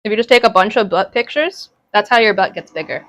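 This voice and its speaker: A woman's voice: medium pitch, quick pace, a bit bright. A young woman chatting casually with her stream from home while she cooks and eats brunch, bubbly and laughing often. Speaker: live streamer.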